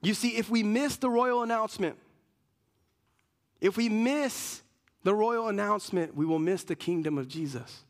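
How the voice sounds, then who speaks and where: A male pastor with a high-pitched, fairly bright voice preaches earnestly and emphatically. He often repeats words and starts his sentences over.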